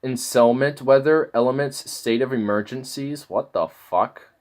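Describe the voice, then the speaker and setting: A man's voice: medium pitch, measured pace. A man casually reacting to online videos, mocking and incredulous, swearing freely as he clicks through.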